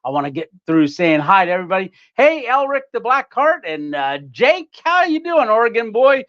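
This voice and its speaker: A man hosts a relaxed livestream from his home. He greets viewers one by one, padding his talk with fillers and small laughs. His voice sits a little high, and the stream audio is dull and lo-fi. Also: normal speed. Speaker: livestream host. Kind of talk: casual live-stream chat. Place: home room.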